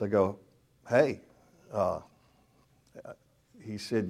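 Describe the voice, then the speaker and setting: A man's voice: medium pitch, normal speed. Folksy joking minister, a man. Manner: folksy, joking, acts out scenes. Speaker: minister speaking to men. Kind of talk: storytelling sermon.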